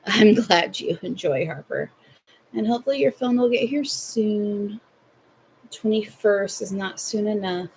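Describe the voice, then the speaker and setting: Crocheting at home, this young Southern livestream host keeps up a casual, playful conversation with viewers. She speaks at a measured pace in a medium-pitched, gravelly, slightly mellow voice, with a bit of background noise in the audio.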